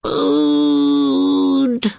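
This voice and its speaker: A man's voice: fairly high pitch, sing-song, drawn-out words, vocal fry, dark tone, no echo, full character voice. A man voicing an earnest male customer, complaining to a shopkeeper in a read-aloud joke.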